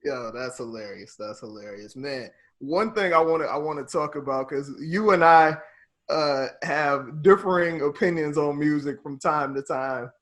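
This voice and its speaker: A man hosting a podcast interview, laid-back, chiming in with quick agreement and frequent laughs. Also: on the high side, a bit bright. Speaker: podcast host. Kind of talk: casual interview chat.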